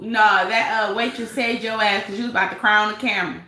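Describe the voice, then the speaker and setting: A woman's voice: a little high, fast talker, hardly any pauses, pushed and bright, reverberant, poor audio. A woman hosting a live stream, reading chat and gossiping in a sassy, laughing way. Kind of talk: casual live chat commentary.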